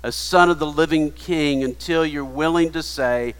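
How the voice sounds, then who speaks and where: A man preaching a sermon, retelling a story in a hushed voice that builds to emphatic appeals. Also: a little high, normal speed, hardly any pauses, clear, resonant tone. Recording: long hall reverb.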